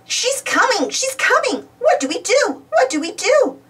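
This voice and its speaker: A woman's voice: sits high, huge pitch swings, moderate pace, a bit bright, distant mic, voice pushed up, heavily acted. A woman voicing a small, timid boy gardener who panics and stammers. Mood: scared. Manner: panicky, stammering when scared.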